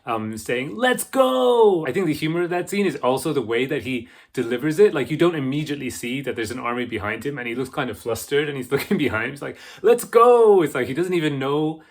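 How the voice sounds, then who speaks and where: A man from Britain giving casual video-essay commentary as a book vlogger, chatty and excitable with frequent restarts. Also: mid-range voice, fast talker, hardly any pauses.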